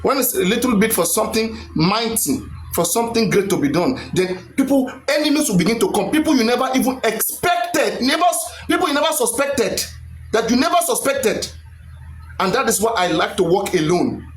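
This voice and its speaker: A Nigerian man with a high voice delivers an emphatic, repetitive rant on a phone live stream. The room is echoey, with faint noise underneath. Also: lively intonation, brisk.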